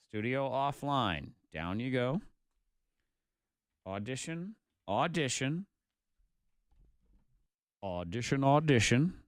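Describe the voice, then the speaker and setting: A middle-aged man hosting a morning radio show, talking in an animated, emphatic way and running the board as he goes. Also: medium pitch, clean tone, no echo, studio quality. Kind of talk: casual radio banter. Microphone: studio microphone.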